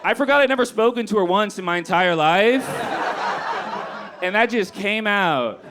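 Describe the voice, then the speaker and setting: High-voiced young man doing stand-up. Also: normal speed, background noise. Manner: animated storytelling, acting out his own lines. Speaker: stand-up comedian. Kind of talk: stand-up comedy set. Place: comedy club stage.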